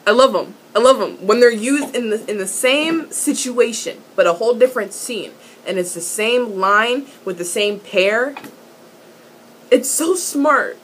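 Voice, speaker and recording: A young woman doing a casual, excitable fan recap of a TV episode, laughing, swearing and repeating herself as she rambles. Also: a little high, measured pace, slight background noise. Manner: excitable, swearing, giggly, trailing off and repeating words. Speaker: vlogger reviewing a TV episode.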